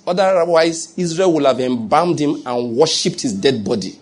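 A man's voice: a little high, normal speed, hardly any pauses, darkish tone, husky. A man preaching a sermon, chatty and humorous, building up to emphatic points. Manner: conversational preaching, humorous asides, rising to emphatic. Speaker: pastor.

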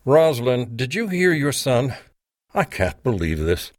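A man's voice: mid-range voice, sing-song, unhurried, no echo, studio quality, voice pushed up. A man voicing a stern, religious middle-aged father who scolds his son insistently in a storybook reading. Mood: indignant.

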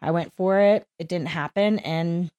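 A woman's voice: on the low side, unhurried. Laughing, rambling woman from East Texas. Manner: animated, laughing, rambling storyteller. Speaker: podcast guest, climbing guide. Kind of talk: casual podcast chat. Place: recorded in a mountain town in Colorado.

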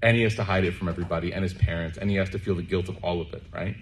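A man's voice: sits low, fairly even intonation, very fast, slight background noise. A man giving a conversational sermon to a live audience, joking and checking in with listeners, then leading a closing prayer. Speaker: preacher.

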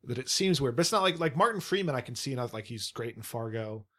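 A man's voice: medium pitch, animated, fast talker, bright, forceful tone. A man co-hosting a podcast in casual chat, hesitant, with many fillers and restarts.

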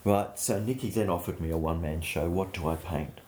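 A man, a painter, telling anecdotes in an animated way during an interview. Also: sits low, a little fast. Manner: anecdotal, animated storytelling with laughs.

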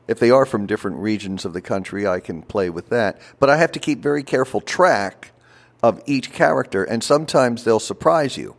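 A man from Baltimore telling lively anecdotes as an interview guest, acting out the voices of the people he quotes. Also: lowish voice. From Baltimore, USA. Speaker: guest, voice performer and recording artist. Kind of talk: casual interview storytelling.

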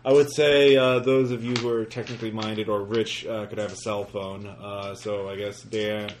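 A man narrating as game master of a tabletop game, halting often with fillers. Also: fairly low pitch, little pitch movement. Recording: noisy room recording.

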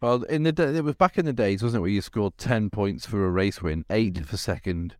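A man's voice: lowish voice, brisk, no echo, studio quality. A man from England co-hosting a motorsport podcast, talking in a rambling, reflective way with many fillers. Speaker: podcast co-host. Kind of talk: casual chat.

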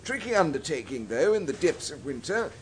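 A man's voice: a little high, very animated, fairly quick, a little hiss or hum. A man playing a pompous, easily offended polar expedition captain in a comic history sketch. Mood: huffy. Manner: indignant, stiff-upper-lip bluster.

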